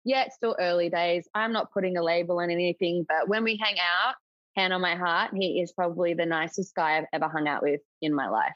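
A woman's voice: fairly low pitch, brisk, no echo. Chatty young woman on dull, dry audio. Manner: chatty, open, full of filler likes. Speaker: podcast guest. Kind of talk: casual chat.

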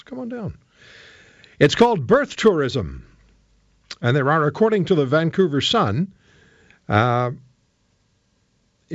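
A man hosting a talk radio show, combative, rhetorical and quick to joke as he interviews guests from a studio microphone. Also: mid-range voice, vocal fry, no echo, highs cut off.

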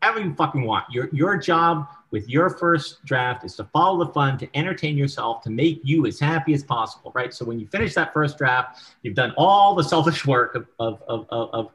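Man, screenwriter guest, casual and frank, swears, keeps checking in, mid-pitched voice. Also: lively intonation, fairly quick, a bit bright, rough recording. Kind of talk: casual interview talk.

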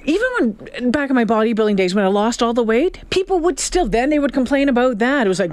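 Animated woman radio co-host, dry sound. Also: a little high, fast, few pauses, no echo. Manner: animated storytelling, acting out both sides of a conversation; emphatic, repeating herself for effect. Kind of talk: casual on-air chat.

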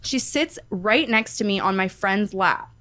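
A young woman in her twenties tells a personal story in a casual podcast chat. She talks in an animated way, restarting her sentences and filling them with "like," with some swearing. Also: mid-range voice, measured pace.

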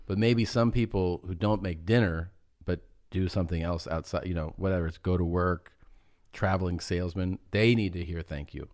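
A middle-aged man talking in a relaxed, rambling way, full of fillers and restarts, in a casual podcast chat. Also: low-pitched, normal speed. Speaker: podcast guest, host's husband.

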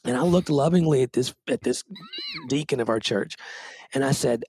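A man's voice: medium pitch, moderate pace, a little mellow, a little hiss or hum. A man who is a pastor, talking earnestly and self-deprecatingly in a podcast conversation, often restarting his sentences. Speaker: pastor and book co-author.

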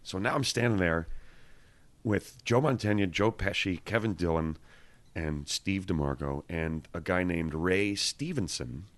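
Very deep-voiced man telling a story. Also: unhurried, no echo. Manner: animated storyteller, swears freely, acts out quotes. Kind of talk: casual chat, telling an anecdote.

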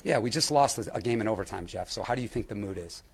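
A man's voice: lowish voice, lively intonation, fast talker, vocal fry, husky. A man who coaches a football team, answering press questions firmly and defensively, repeating his points. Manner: firm, defensive, repeats himself.

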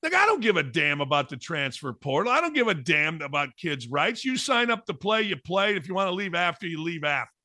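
Brash, high-voiced male sports talk host. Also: big pitch swings, brisk, few pauses, pushed and bright, no room sound, clean studio sound. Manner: brash, sarcastic, blunt. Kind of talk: opinionated sports talk monologue.

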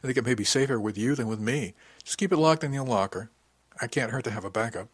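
A man voicing a calm, good-humored male ship engineering officer who gives brisk, practical orders with dry humor, in an audiobook reading. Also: mid-range voice, slightly rough, dry recording, lightly acted. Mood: wry.

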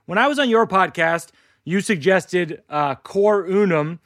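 A man's voice: sits high, a little slow, fairly bright tone, no room sound, studio quality. A man hosting a podcast, speaking hesitantly with many fillers. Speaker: podcast host. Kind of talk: casual conversation.

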